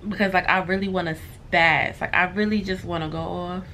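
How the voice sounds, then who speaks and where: Gravelly-voiced woman venting to camera. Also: on the low side, steady tone, a little fast, pushed and bright, slight background noise. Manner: frustrated, swearing, talking straight to viewers. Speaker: vlogger. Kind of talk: casual venting vlog. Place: hotel room.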